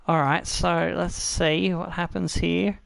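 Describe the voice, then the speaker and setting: This gaming channel host has a gravelly, high-sitting voice and talks slowly, recorded without echo. Playing his own football video game, he commentates casually, laughing frequently, cursing freely, and getting worked up easily.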